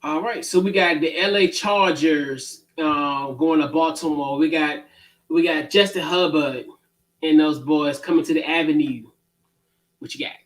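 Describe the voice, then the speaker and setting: High-voiced man hosting a sports chat. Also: a little slow, distant mic. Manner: relaxed, lots of fillers, runs through game picks. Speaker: podcast host.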